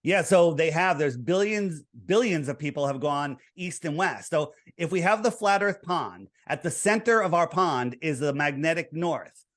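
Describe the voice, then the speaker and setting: A man being interviewed, with a voice pitched a little above the usual for a man. He explains himself in an earnest, lecturing manner, taking the listener through his figures step by step. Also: lively intonation, normal speed, fairly bright tone. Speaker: interview guest.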